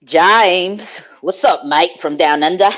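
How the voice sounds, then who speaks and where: A woman's voice: lowish voice, takes it slowly, a bit bright, rough recording. A woman hosting a live audio chat room, talking in a slangy, profane, joking, laid-back way. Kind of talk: casual chat.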